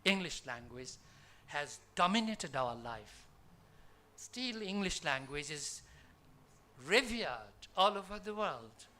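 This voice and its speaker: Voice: mid-range voice, sharp tone. A conference speaker from Bangladesh giving an academic lecture in a college hall, posing emphatic rhetorical questions to the audience.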